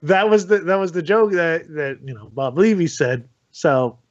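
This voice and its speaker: A man's voice: on the high side, normal speed, lo-fi sound. Blunt, stammering man on a podcast. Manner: storytelling, blunt, stammers on restarts. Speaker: podcast co-host. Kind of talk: casual chat.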